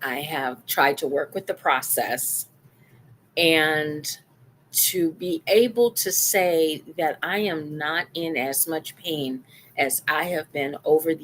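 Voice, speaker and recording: A woman's voice: sits low, slow, fairly bright tone, a little hiss or hum. A middle-aged woman hosting a live-stream talk show, chatting casually and repeating phrases for emphasis.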